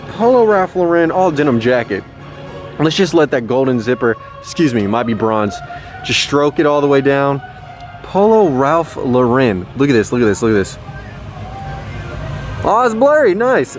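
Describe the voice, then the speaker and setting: A man giving a joking vlog of his thrift store finds, hyped and goofy, often jumping into high silly voices. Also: animated, moderate pace, soft background music. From Texas. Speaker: vlogger showing thrift finds. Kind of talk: casual joking vlog narration.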